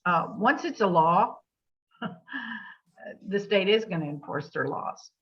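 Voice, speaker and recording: A woman giving a plainspoken legal update to real estate agents. She takes their questions, pausing with fillers and adding emphatic asides. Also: lowish voice, expressive. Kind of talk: briefing with answers to questions. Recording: dull lo-fi meeting recording.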